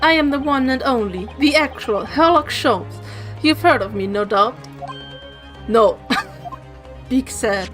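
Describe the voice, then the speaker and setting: A woman voicing a pompous, boastful male detective who speaks in a grand, slow, theatrical way. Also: high voice, expressive, faint music behind.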